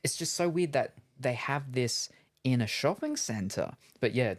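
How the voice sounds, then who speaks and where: Man, podcast host, mid-pitched, casual chat, hesitant with lots of ums. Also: animated, measured pace. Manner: hesitant, many ums and uhs, frequent listening sounds.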